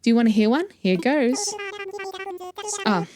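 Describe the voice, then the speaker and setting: A woman's voice: on the high side, very animated, measured pace, crowd noise. A woman with a New Zealand accent voicing a cheerful, food-loving young male bear cub by reading the game dialogue aloud. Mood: jolly.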